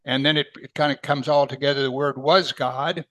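A man preaching a Bible sermon, emphatic, lifting his voice on key words and then dropping it soft. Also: mid-range voice, steady tone, a little fast, no echo. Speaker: pastor.

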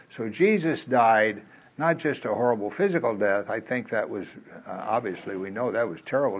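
A man preaching a sermon in a folksy, conversational way. He drops to quiet asides and then reads scripture loudly and emphatically. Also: medium pitch, slightly rough, lo-fi sound. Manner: swings from quiet asides to loud emphatic reading.

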